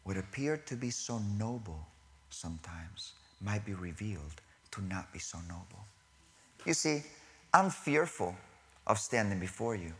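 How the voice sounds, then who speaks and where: Preaching to a congregation, this man alternates lively outbursts with quiet, almost whispered passages, and he laughs and corrects himself along the way. He speaks at a measured pace in a lowish voice, with slight noise in the background.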